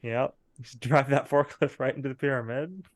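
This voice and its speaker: A man's voice: mid-range voice, steady tone, fairly quick, a crowd in the background. A man narrating as game master of a tabletop game, rambling with many fillers and laughing often.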